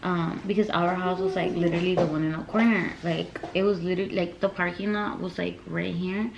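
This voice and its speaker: A woman's voice: lowish voice, fairly even intonation, brisk, creaky, noisy background. A young woman vlogger telling a storytime in a rambling, casual way, full of fillers and switching between English and Spanish.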